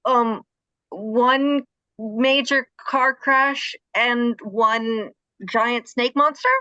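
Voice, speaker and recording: A woman narrating a tabletop game as game master in a slow, deliberate manner. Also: on the high side, fairly even intonation, bright, forceful tone, clear, resonant tone, dry recording, highs cut off.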